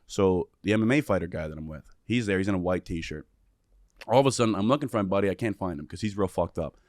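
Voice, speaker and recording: On a podcast mic, a male guest with a lowish voice tells a rowdy, casual story at a quick pace, swearing freely and acting out the voices of the people involved. The recording is dry and close with no room sound.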